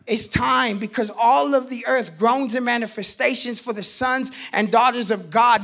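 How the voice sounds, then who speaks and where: A man telling his personal faith testimony in an animated way, acting out the voices in his story and bursting out loud at times. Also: extremely high pitch, a little slow, hardly any pauses. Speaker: testimony speaker.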